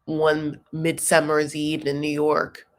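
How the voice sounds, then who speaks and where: A woman's voice: deep voice, monotone, slow pace. Chatty, sassy woman hosting a reaction chat. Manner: chatty and sassy, jokes and asides, acts out quotes. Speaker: recap show host. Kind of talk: casual live reaction chat.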